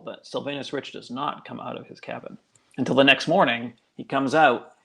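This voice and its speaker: Gravelly-voiced man telling a folk tale. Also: medium pitch, steady tone, moderate pace, bright, forceful tone. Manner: chatty, full of fillers. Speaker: guest author. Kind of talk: casual storytelling.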